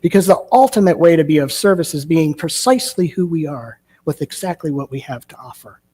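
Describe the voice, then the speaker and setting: A man's voice: fairly high pitch, fairly quick, breathy edge. Man giving a sermon. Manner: storytelling, warm-paced with rhetorical questions. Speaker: minister. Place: church sanctuary.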